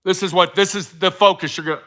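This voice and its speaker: A man's voice: sits high, steady tone, fast, fairly bright tone. A middle-aged man giving a blunt, profane motivational talk to his viewers, full of swearing and preachy advice. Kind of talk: profane casual motivational rant.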